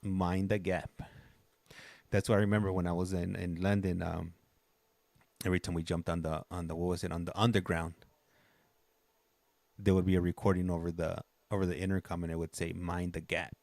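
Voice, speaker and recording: A man's voice: deep voice, flat delivery, a little fast, gravelly, a little mellow, dry recording. A man hosting a livestream, chatting casually and rambling with frequent restarts. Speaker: livestream host. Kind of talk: casual chat.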